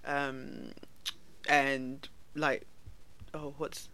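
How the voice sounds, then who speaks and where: A woman co-hosting a casual film-review podcast, explaining things in a relaxed way with frequent ums. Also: extremely low pitch, extremely slow, smooth, dry recording. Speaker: podcast co-host.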